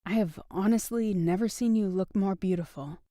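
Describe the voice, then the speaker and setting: A woman's voice: mid-range voice, normal speed, dark tone, dry recording, lightly acted. Bantering young guy prof, as a woman reads him, dry close audio. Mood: teasing. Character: grinning, teasing young man, a professor.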